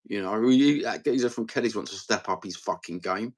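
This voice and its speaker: A man's voice: fairly low pitch, a little fast. A middle-aged man with an East London accent, hosting a rambling live stream, talking in sweary, blokey banter.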